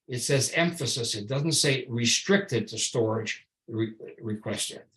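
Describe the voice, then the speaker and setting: A man giving a public slide lecture, wry and sarcastic, stressing key words slowly, with frequent restarts and fillers. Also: mid-range voice, low-quality recording. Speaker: invited speaker giving a slide talk.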